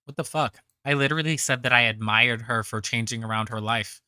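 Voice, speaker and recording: Sarcastic, foul-mouthed reaction commentator, bright edgy tone, dry close mic. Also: mid-range voice, brisk, clean tone, dry recording. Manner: profane, sarcastic, scornful.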